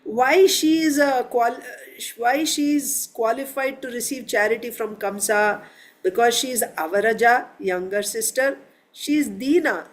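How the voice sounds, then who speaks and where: A woman's voice: fairly high pitch, unhurried. A woman leading a verse-by-verse scripture class, explaining word meanings step by step and asking the class questions. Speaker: scripture teacher.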